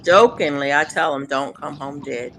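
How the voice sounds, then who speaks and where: A woman's voice: low-pitched, normal speed, a bit bright, slight background noise. A woman speaking earnestly on a live video call panel, now and then breaking into a laugh. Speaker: panel guest. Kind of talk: casual chat on a live stream.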